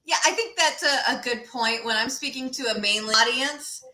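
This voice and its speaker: A woman hosting a live interview on a video call, fast-talking and upbeat. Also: a little high, sharp tone, echoey room, poor audio. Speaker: host.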